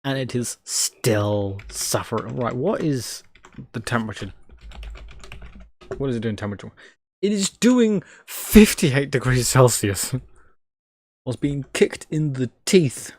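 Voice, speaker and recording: A man's voice: mid-range voice, expressive, a little mellow, no echo, clean studio sound. A man streaming live, talking to himself, exasperated and joking, swearing freely. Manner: exasperated, muttering at a slow computer. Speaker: Linux livestreamer. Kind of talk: casual live-stream self-talk.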